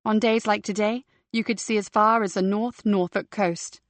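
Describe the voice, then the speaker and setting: A woman narrating a crime novel audiobook in a steady, measured reading. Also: medium pitch, dry recording. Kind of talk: scripted narration.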